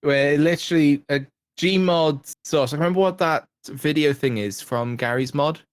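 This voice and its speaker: A man's voice: a little high, moderate pace, no room sound. A man talking as a guest on a podcast, enthusiastic and rambling with many restarts. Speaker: podcast guest, content creator. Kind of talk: casual chat.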